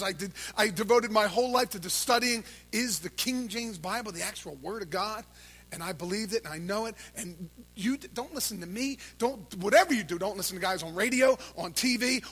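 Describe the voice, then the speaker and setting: High, bright-voiced preaching man. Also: husky. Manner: swings between shouted calls to the crowd and quiet intense talk. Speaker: pastor. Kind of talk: sermon. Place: church service.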